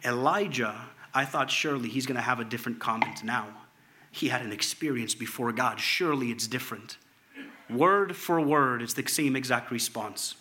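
A man preaching a sermon, reading scripture aloud in an animated way, at times dropping to a hushed tone. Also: medium pitch, normal speed. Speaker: pastor.

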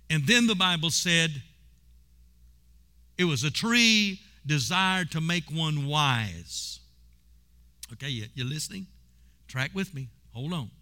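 Bright, forceful preaching man. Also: high voice. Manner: preaching with call-and-response, rising to shouts. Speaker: pastor. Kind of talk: sermon.

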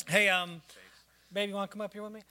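A man's voice: high voice, flat delivery, quick pace, bright, forceful tone. A man giving an emotional farewell tribute in church, declaring blessings and holding back tears. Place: church sanctuary.

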